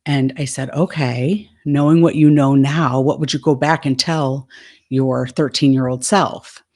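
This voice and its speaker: A woman's voice: rumbling low, steady tone, unhurried, a little mellow. A woman life coach in a casual monologue, retelling a session and quoting the dialogue back and forth.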